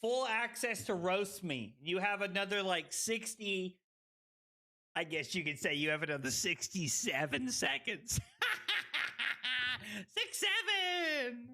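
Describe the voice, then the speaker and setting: A man's voice: high voice, measured pace, soft background music. Rowdy tipsy male card-game streamer. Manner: loud, excitable, swearing, bursts into shouts and laughter. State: tipsy from drinking. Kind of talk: excited live-stream commentary.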